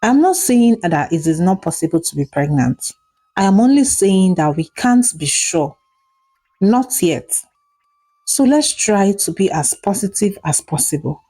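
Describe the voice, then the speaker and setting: A woman's voice: lively intonation, a little slow, warm tone, faint music behind. A woman voicing an anxious young man who coaxes and reassures. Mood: soothing. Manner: low, coaxing, reassuring. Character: young man, anxious boyfriend trying to soothe.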